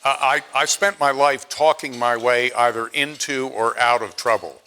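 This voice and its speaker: After-dinner speaker, male, late seventies, from Pennsylvania; bright, chatty, self-mocking storyteller. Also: mid-range voice, moderate pace. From Pennsylvania, USA. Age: 70s. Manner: chatty, self-deprecating, acts out quotes in his stories. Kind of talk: anecdotal after-dinner speech.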